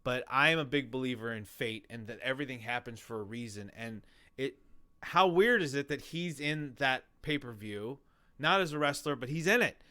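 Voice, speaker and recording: A man in his forties, a guest telling a long story in an interview, animated and rambling, full of restarts and acted-out quotes. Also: medium pitch, moderate pace, clear, resonant tone, no echo. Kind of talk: conversational storytelling.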